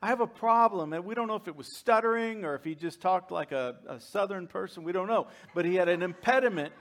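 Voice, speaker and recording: Preaching fast in an animated, high-sitting voice, this man is a pastor who keeps things conversational. His sermon is full of humor, and he laughs and jokes with his congregation.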